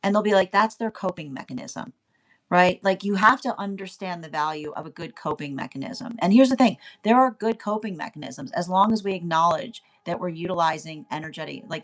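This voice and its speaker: A young adult woman giving a casual tarot reading. She chats along, laughs often and keeps asking "right?". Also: lowish voice. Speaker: tarot reader.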